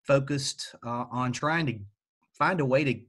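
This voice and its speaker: A man with a Southern Appalachian accent answering interview questions at a halting pace, with lots of fillers. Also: mid-range voice, fairly bright tone. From western North Carolina. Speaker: guest, teacher.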